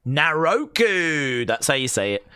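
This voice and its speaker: A man's voice: on the high side, animated, unhurried, fairly bright tone, no room sound, clean studio sound. A man hosting a live watch-along stream, chatting casually and joking in rambling asides.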